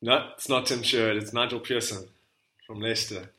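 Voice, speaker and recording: A man's voice: medium pitch, fairly even intonation, normal speed, sharp tone. A man co-hosting a casual football podcast, joking and laughing often as he guesses at quotes. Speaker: podcast co-host. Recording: roomy echo.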